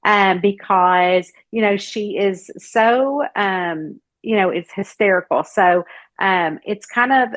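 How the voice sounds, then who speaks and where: A woman's voice: medium pitch, slow, no room sound. A woman with a Southern American accent, a guest author in a casual interview, telling stories and acting out the voices of people she quotes. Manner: lively storyteller who acts out quoted voices.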